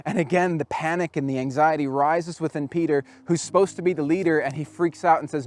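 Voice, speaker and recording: Nz guy preaching at a youth camp, tells the story with energy, voice a bit high. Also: quick pace, few pauses. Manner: storytelling, lively with acted quotes. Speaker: youth speaker.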